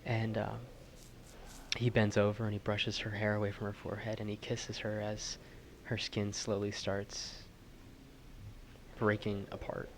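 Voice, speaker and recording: A man playing a tabletop role-playing game, describing his character in slow, hushed, emotional storytelling. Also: on the low side, completely flat delivery, slight background noise. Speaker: player.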